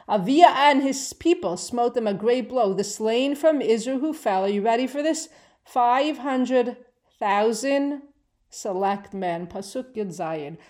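A woman teaching a Bible class, reading Hebrew verses aloud and translating them, with an expressive delivery that swings between emphatic and hushed. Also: on the high side. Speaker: Torah teacher.

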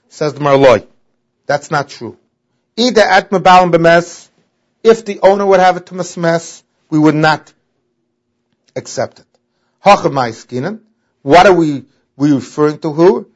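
A man teaching a Talmud lesson, reading the text and explaining it in a sing-song way that stresses key words. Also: a little high. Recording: dull lo-fi audio.

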